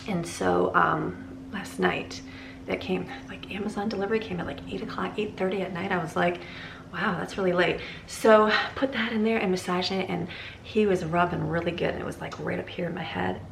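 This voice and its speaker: Recorded in an echoey room with faint background noise, this middle-aged woman rambles casually in a home vlog, laughing frequently. She talks a little fast in a fairly low, creaky voice with fairly even intonation.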